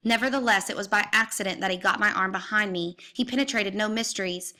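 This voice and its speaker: A woman reads a novel aloud in a bright, ringing voice. Her telling is intense and vivid, and she climbs into cries when the story turns violent. She sits at an ordinary, middle pitch throughout. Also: fast. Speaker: reader. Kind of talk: dramatic reading of a novel.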